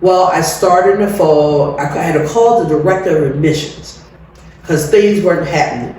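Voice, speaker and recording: A woman's voice: low-pitched, moderate pace. Candid middle-aged woman in an echoey room. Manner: animated, candid, laughs often. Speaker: interview guest. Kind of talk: personal storytelling. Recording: very echoey room, distant mic, faint noise.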